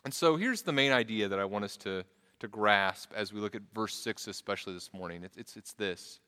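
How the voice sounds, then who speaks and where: Preaching from a church sanctuary, a middle-aged pastor speaks earnestly and conversationally, frequently starting sentences over. His voice runs on the low side with a sharp tone, and the large hall gives it a long reverb.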